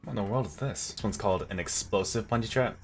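A man hosting a casual gameplay video, jokey and excitable, yelping and laughing through his commentary. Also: fairly low pitch, fast talker, faint music behind. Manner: excitable, jokey, yelps and laughs at close calls. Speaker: gaming video host.

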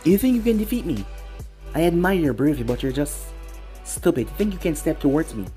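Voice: mid-range voice, big pitch swings, a little fast, warm tone, soft background music, lightly acted. A reader putting on a mocking villain snake ninja. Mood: scornful. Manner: mocking, taunting. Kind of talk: fan-fiction reading.

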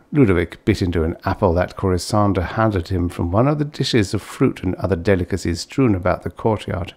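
A man's voice: a little fast, hardly any pauses, darkish tone. A man reading a vintage science fiction short story aloud, shifting his voice for the characters. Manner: voices characters with raised pitch. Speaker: audiobook narrator.

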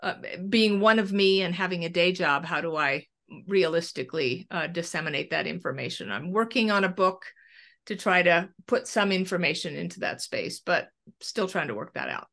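A woman's voice: fairly low pitch, lively intonation, moderate pace, fairly bright tone. A middle-aged woman, a medium and researcher, telling a personal story in an interview and acting out the dialogue as she goes.

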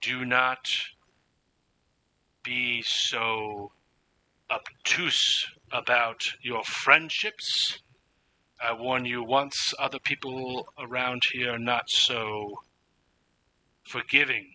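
A man voicing a proud gnome market owner, with a put-on dwarf accent and slow, drawn-out speech. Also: medium pitch, steady tone, bright, forceful tone, full character voice, rough recording. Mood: proud, warning.

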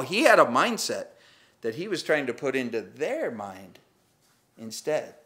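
A man's voice: medium pitch, fairly bright tone. A male pastor preaching a sermon in a conversational way, acting out the people in the story.

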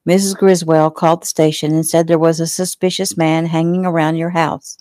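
A jealous, bullying small-town male cop who barks his questions loud and pushy, as a woman puts him on. The voice keeps a mellow, darker color. The sound is close and dry. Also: on the high side, flat delivery, normal speed, no room sound, lightly acted. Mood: defensive.

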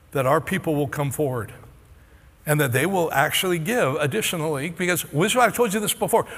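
Man, middle-aged pastor, impassioned sermon, husky tone, long hall reverb. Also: a little high, fairly bright tone. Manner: earnest, impassioned storytelling, pleading directly with the congregation. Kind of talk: sermon with personal story.

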